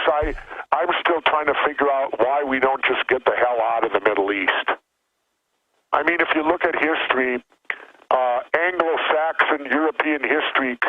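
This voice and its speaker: A man's voice: mid-range voice, dry recording. Blunt guy on a call-in, dull lo-fi phone line, some interference. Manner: blunt, plainspoken. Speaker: guest on phone.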